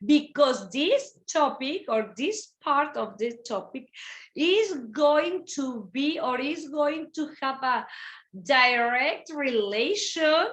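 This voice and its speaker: Expressive and slow-paced, a bright high-voiced English teacher leads an online grammar lesson through a video call. She goes over points repeatedly, explains them, and shifts between English and Spanish.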